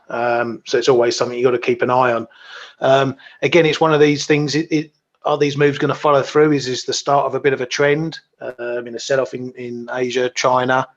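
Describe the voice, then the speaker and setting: Flat-voiced man with dull lo-fi sound. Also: mid-range voice. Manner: relaxed, self-deprecating, many ums. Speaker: guest trader. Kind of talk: casual market commentary. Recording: dull lo-fi webcam audio.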